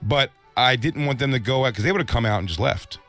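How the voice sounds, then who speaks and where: A man's voice: medium pitch, brisk, fairly bright tone, faint music behind. A man co-hosting a crude comedy radio show, rambling through a story with joking asides.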